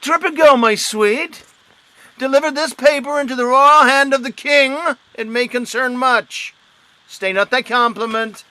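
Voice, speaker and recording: An actor playing a pedantic, wordy schoolmaster in a live-streamed Shakespeare reading, with pompous Latin-sprinkled flourishes. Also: male voice, sits high, lively intonation, measured pace, bright, forceful tone, heavily acted. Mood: fussy.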